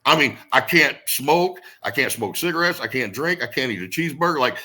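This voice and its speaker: A middle-aged man tells his story at a quick clip, his voice husky and bright. He swings his pitch widely and acts out other people's lines as he goes. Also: poor audio. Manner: animated storyteller who acts out quotes, swears freely. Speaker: guest wrestler. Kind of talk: storytelling interview.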